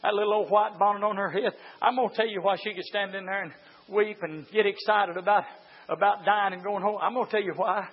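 A man preaching a fiery sermon, moving from quiet storytelling to high shouted exhortation. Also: fairly even intonation, fairly quick, slightly rough. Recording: dull lo-fi church recording.

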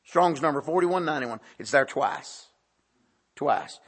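A man preaching a sermon, punctuating points with "amen" and swinging between soft asides and loud emphatic calls. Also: fairly high pitch, animated, measured pace, husky.

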